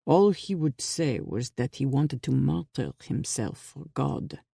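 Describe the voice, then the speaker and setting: A narrator voicing Ehud, a guarded man security officer who speaks slowly and low in a confiding way, in an audiobook reading. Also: expressive, creaky, mellow, slightly rough, no room sound, clean studio sound, heavily acted.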